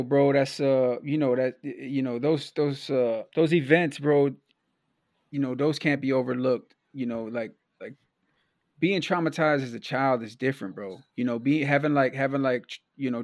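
A man's voice: mid-range voice, moderate pace, no room sound. Rambling male podcast host, dry sound. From Milwaukee. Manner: rambling, restarts often, says "bro". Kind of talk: casual interview chat.

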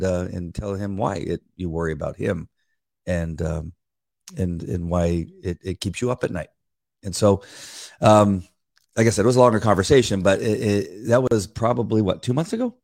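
A man's voice: sits low, creaky, darkish tone, no echo, studio quality. A man, a former police officer co-hosting a devotional podcast, telling a long story in a rambling way with many restarts. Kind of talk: casual devotional chat.

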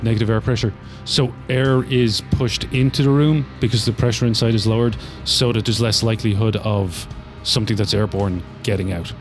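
A man narrating as game master of a tabletop game, relaxed and full of fillers. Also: medium pitch.

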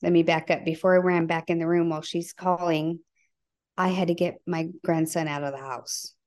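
A middle-aged woman with a slightly low-pitched voice speaks as a podcast guest. She tells her story in an earnest, halting way, restarting sentences and filling gaps with "you know" and "like.". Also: steady tone, darkish tone. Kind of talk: conversational interview storytelling.

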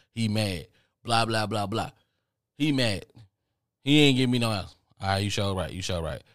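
A man hosting a podcast, telling a rambling, profane story in a casual, animated way. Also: sits low, no echo, clean studio sound. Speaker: podcast host.

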